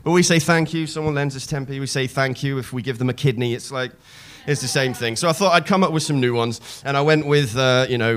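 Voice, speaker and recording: A man doing a live stand-up set on a comedy club stage, deadpan asides into a handheld mic. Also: medium pitch, fairly quick, hardly any pauses.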